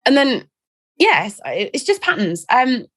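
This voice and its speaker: A woman, a guest talking in a casual interview in a chatty, self-mocking and animated way. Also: sits high, measured pace. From England.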